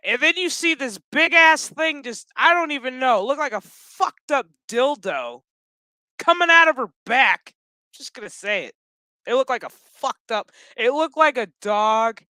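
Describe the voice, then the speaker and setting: A man's voice: very high-pitched, sharp tone, smooth, dry recording, rough recording. A man casually recapping a TV episode in a rambling, joking way, swearing constantly. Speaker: gaming channel host.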